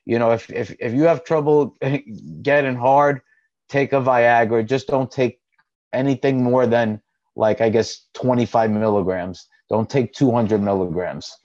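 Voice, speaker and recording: A man's voice: medium pitch, a little slow, a little mellow. Rambling man telling a story, lo-fi. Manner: rambling, laughs and restarts often. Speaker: channel host. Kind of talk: casual storytelling.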